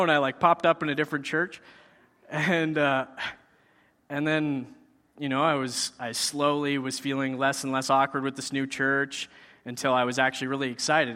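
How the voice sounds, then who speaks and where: Bright-voiced man in a reverberant hall. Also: mid-range voice. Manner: conversational, acts out his own quoted lines. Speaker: speaker sharing a personal testimony. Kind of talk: casual personal testimony storytelling.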